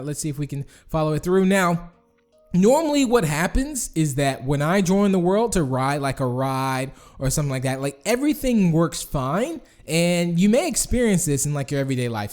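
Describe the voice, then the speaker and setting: A man's voice: on the high side, a little mellow. A man hosting a casual game tour, rambling and self-deprecating, laughing often and restarting his sentences. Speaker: gaming channel host touring community builds.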